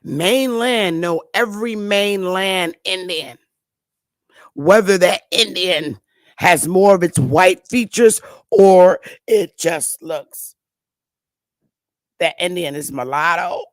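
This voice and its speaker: A woman's voice: on the low side, slow, no room sound, clean studio sound. A woman host delivering an impassioned commentary monologue, blunt and emphatic, with frequent profanity.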